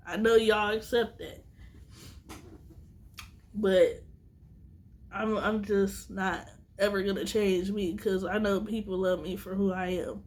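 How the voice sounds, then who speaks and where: A woman vlogger speaks to her viewers in an everyday, mid-pitched voice, close to tears. She is earnest and emotional and circles back on her words to stress them. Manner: earnest, emotional, repeats herself for emphasis. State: teary. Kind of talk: casual vlog monologue.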